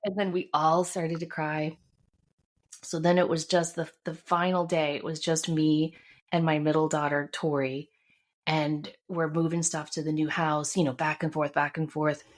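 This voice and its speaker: A middle-aged woman in an easygoing conversation, recounting a personal story with feeling and slipping into the voices of the people in it. Her voice sits a little low. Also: level tone, moderate pace. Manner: warm storytelling, emotional, acts out quotes. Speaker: podcast co-host. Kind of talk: casual chat.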